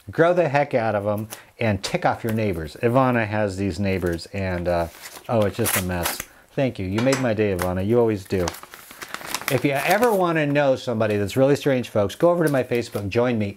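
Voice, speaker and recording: Middle-aged male vlogger, chatty, rambling, quick to laugh. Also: mid-range voice, a little hiss or hum. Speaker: gardening channel host. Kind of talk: casual vlog chat.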